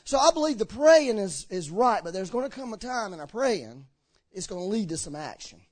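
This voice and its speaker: Preacher guy, high voice that jumps all over, slurs his words, acts out the quotes. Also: big pitch swings, moderate pace. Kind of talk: sermon. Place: church.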